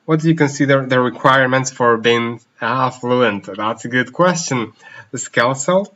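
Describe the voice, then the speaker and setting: Bright and forceful, his mid-range voice moves at a normal speed. He's a language teacher hosting a laid-back live Q&A, reading viewer questions out loud and flipping between languages mid-sentence. The stream sound is lo-fi and somewhat dull.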